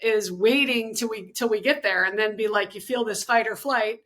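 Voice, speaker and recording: A woman's voice: mid-range voice, moderate pace, fairly bright tone. A woman hosting a podcast, chatting casually and often restarting her sentences as she thinks aloud. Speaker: podcast host.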